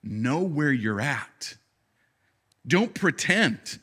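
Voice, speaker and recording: A man in his thirties, a pastor preaching a sermon in a conversational way, with halting restarts and acted-out quotes. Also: mid-range voice, sing-song, a bit bright, husky.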